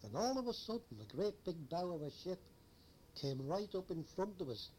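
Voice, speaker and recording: A man's voice: high-pitched, sing-song, moderate pace, a little mellow, a little hiss or hum. An older man, a former lighthouse keeper telling a rambling old story with chuckles. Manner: rambling, chuckling anecdotal teller. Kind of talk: oral history storytelling.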